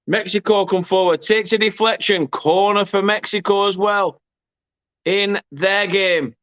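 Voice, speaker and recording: English male watchalong host, high tense voice, excitable play-by-play, correcting himself as he goes. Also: unhurried, clean tone, no room sound, dull audio. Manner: excitable, self-correcting, erupts at goals. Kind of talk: live match commentary.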